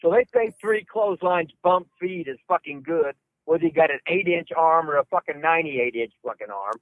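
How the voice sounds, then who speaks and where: A man's voice: fairly high pitch, fairly quick, no echo. An older man, a wrestling trainer, tells stories in a profane, ranting way, cursing constantly. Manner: ranting, heavy cursing, gruff Southern drawl. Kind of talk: profane storytelling interview. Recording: dry phone-line sound.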